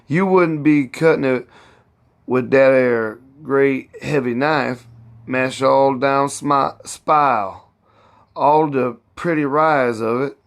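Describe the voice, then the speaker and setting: A man's voice: mid-range voice, takes it slowly. A man reading aloud and voicing a proud, fussy older woman cook who scolds and boasts in heavy old Southern dialect. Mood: boastful.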